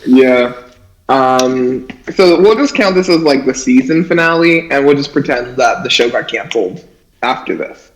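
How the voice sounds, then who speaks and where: A young man co-hosting a comedy podcast, chatting casually with quick, laughing reactions. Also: medium pitch, lively intonation, poor audio. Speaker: podcast co-host.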